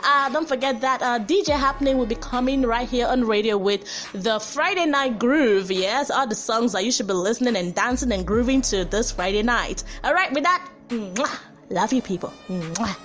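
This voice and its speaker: A woman's voice: a little high, brisk, few pauses, a bit bright, soft background music. A woman hosting a radio show, chatting in a bubbly, giggly and effusive way. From Nigeria. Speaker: radio host. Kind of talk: casual radio chat.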